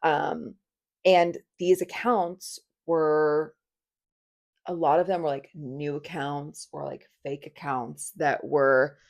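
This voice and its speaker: A woman's voice: deep voice, flat delivery, slow, vocal fry. A woman in her twenties co-hosting a podcast, gossiping in casual chat with lots of "like" fillers and frequent laughter. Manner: chatty, gossipy, laughs often, many "like" fillers. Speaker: podcast co-host.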